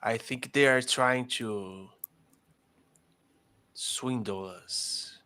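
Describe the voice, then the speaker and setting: A man whose first language is Portuguese, playing a tabletop game in English, stating his actions deliberately. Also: medium pitch, sharp tone. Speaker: player. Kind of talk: casual game talk.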